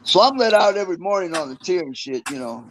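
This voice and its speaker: A man's voice: sits high, animated, quick pace, a bit bright, slight background noise, rough recording. An older man in a casual interview, telling rambling, profane stories about his past and chuckling between them. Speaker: interview guest, former prisoner.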